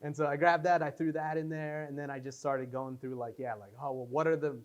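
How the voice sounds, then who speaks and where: A man's voice: fairly high pitch, fairly even intonation, fairly quick, highs cut off. Man fielding questions after a screening, loose rambling storyteller, acts out his own quotes. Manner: rambling anecdotes, many fillers, acts out quotes. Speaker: filmmaker answering audience questions. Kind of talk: casual post-screening Q&A. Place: screening room before an audience.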